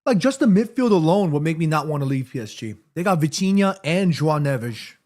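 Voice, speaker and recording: Lively, chatty man hosting a stream. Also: on the high side, a little fast. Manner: chatty, reads chat messages aloud, eats between lines. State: sore throat. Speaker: livestream host. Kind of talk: casual watchalong chat. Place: home room.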